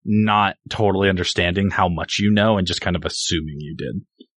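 A man playing a tabletop game who talks in a halting, rambling way, full of restarts. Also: low-pitched, fairly bright tone, no echo. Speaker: player. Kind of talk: casual tabletop game play.

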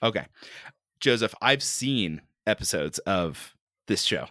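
A man who is a podcast producer banters and teases during a casual game, often laughing. His voice is somewhat low yet bright and forward. The recording is dry and close. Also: very animated, takes it slowly, no echo. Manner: teasing, laughs, rambles through restarts.

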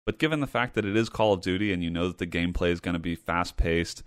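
A man's voice: low voice, fast, dry recording. Emphatic man on a podcast, dry sound. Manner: animated, emphatic, repeats himself for effect. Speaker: podcast host. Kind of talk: casual chat.

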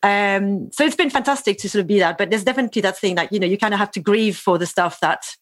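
A woman's voice: medium pitch, quick pace, no room sound. A woman in her forties, from France, chatting as a podcast guest. She laughs often and restarts her sentences as she talks. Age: 40s. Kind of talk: casual conversation.

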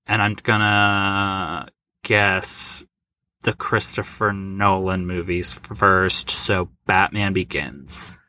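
A man trades movie guesses on a podcast, loose and quick to curse. His voice is bright and forward. The sound is dry and close. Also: low-pitched, fairly even intonation, no echo. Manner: loose, profane and joking while guessing. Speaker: podcast co-host. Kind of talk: casual movie quiz chat.

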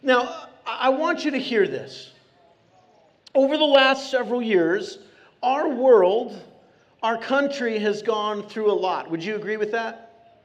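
In his very high voice, a pastor speaks earnestly and conversationally to his congregation during a sermon in the church sanctuary. Key phrases get a heavy, deliberate slowdown.

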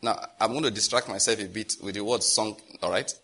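A man with a Nigerian accent preaching a sermon as pastor, in a lively, chatty style with asides to the congregation. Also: lowish voice, brisk, creaky, breathy edge. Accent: Nigerian English. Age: adult, married.

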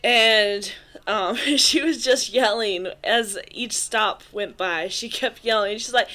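A woman's voice: a little high, unhurried, bright, forceful tone. A woman chatting casually on a podcast, telling anecdotes and laughing through them. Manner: giggly storyteller, laughs through her anecdotes. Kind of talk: casual chat.

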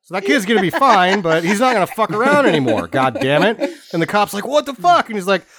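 A man's voice: high-pitched, big pitch swings, fast, a crowd in the background. A man co-hosting a casual podcast, swearing freely and emphatically as he riffs on a film's plot. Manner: profane, emphatic commentary. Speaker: podcast co-host. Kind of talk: casual movie recap chat.

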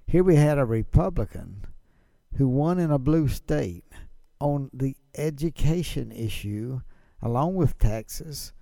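Male host, gravelly and dark-toned, chatty political commentary, dry close sound. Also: medium pitch, animated, slow, no echo. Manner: chatty, rhetorical questions, chuckling. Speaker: podcast host.

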